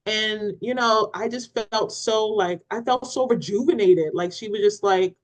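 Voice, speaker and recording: This woman speaks at a medium pitch and moderate pace, barely pausing, over poor-quality audio. As co-host of a parenting podcast, she animatedly recounts a story in casual conversation, performing people's quotes and laughing.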